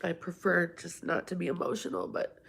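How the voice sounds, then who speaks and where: A woman's voice: lowish voice, normal speed, creaky, fairly bright tone, slight background noise. A middle-aged woman hosting a casual livestream from home, chatting and rambling as she answers viewers by name. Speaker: livestream host. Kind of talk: casual live-stream chat, reading viewer comments.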